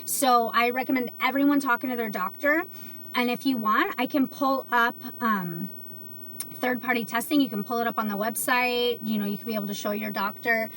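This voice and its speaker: A woman hosts a casual livestream selling CBD, speaking earnestly and chattily to her viewers with plenty of fillers. Her voice is a little high and a bit bright, with fairly even intonation and a moderate pace. There's slight background noise.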